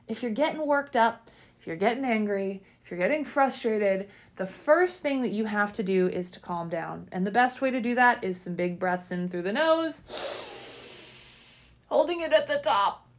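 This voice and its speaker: A woman in her thirties hosting a solo podcast, coaching athletes in an energetic, direct, motivational way. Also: medium pitch, moderate pace, lo-fi sound. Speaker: podcast host and roller derby fitness coach.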